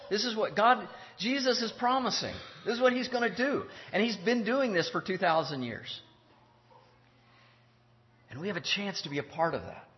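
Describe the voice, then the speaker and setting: A man preaching a sermon in an earnest, deliberate way, repeating his key phrases. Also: high voice, expressive. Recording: dull lo-fi sound in a reverberant hall.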